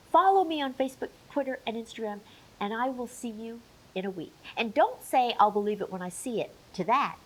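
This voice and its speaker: Woman with lively, high voice explaining. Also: poor audio. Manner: clear, emphatic explaining with playful asides. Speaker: menopause educator. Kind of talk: educational video talk.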